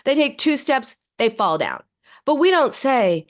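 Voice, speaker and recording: A woman's voice: high-pitched, very animated, unhurried. A woman psychoanalyst speaking as a guest on a podcast interview, explaining her ideas and acting out quoted self-talk.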